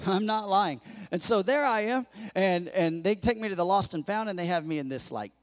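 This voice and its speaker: Guy preaching a sunday sermon, high voice, tells funny stories, acts out the lines. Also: normal speed, big-room sound. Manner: storytelling, animated, acts out quotes. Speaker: pastor.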